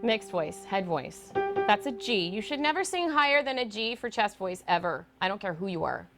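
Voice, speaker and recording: A woman teaching singers about vocal muscles and intonation in a lively lecture, now and then singing short demonstration notes. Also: medium pitch, normal speed, over music. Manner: animated, demonstrates sung notes. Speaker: guest voice teacher. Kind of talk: lecture to a choir.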